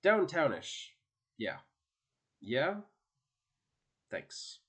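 Low-voiced male audiobook narrator. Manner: steady storytelling narration. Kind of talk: scripted narration.

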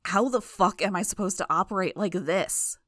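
A woman voicing a raspy, sullen young male healer who complains bitterly in a dry recording. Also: medium pitch, normal speed, fairly bright tone, dry recording, lightly acted.

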